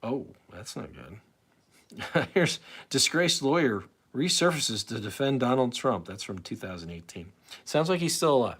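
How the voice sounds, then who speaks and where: A man's voice: mid-range voice, sing-song, a little slow, fairly bright tone, husky. Rambling late-40s male streamer. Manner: rambling, self-interrupting, reads chat aloud. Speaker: live stream host. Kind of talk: casual live stream chat.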